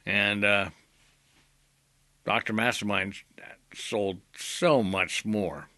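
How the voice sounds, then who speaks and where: A man's voice: fairly low pitch, steady tone, very slow, sharp tone, no echo. A man, a singer being interviewed, telling long rambling anecdotes in casual chat and acting out the dialogue he quotes. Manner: anecdotal, acts out quoted dialogue, laughs between stories.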